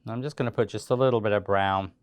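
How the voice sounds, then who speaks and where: A man giving a relaxed, chatty step-by-step cake decorating tutorial, with frequent fillers and restarts. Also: fairly low pitch, quick pace, clean tone, no echo.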